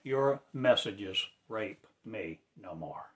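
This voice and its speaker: A man preaching in a slow, declamatory way, with sudden loud rises in his voice. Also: lowish voice, expressive, background noise. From United States. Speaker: self-styled spiritual teacher. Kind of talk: impassioned preaching.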